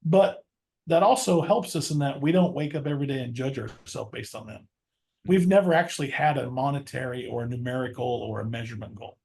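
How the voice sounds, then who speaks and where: Gravelly-voiced man talking business. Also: mid-range voice, fairly quick, a little mellow. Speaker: insurance agency leader, podcast guest. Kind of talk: casual podcast conversation.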